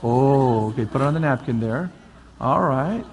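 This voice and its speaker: A man preaching as a pastor, energetic and coaxing, often repeating his calls to the crowd. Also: mid-range voice, normal speed. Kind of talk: lively sermon demonstration. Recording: long hall reverb, faint crowd.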